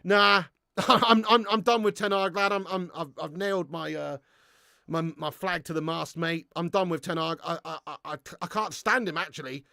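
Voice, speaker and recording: A young man hosting a live football watch-along, excitable and sweary, ranting and chatting with his viewers. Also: sits high, moderate pace, creaky, no room sound, studio quality. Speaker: host of a fan watch-along stream.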